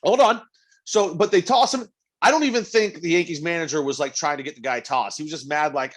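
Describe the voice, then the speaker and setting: Guy on a podcast ranting and telling a story, kinda high voice, swears a ton. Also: a little fast. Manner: profane, animated storytelling with quoted asides. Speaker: podcast co-host. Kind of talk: casual chat.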